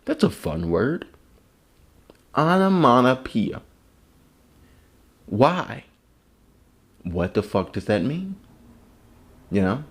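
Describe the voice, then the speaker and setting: Lively, foul-mouthed man rambling comically. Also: fairly low pitch, slow pace, gravelly, long pauses, slightly rough. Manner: profane, rambling and animated. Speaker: podcast host. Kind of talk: casual comedic monologue.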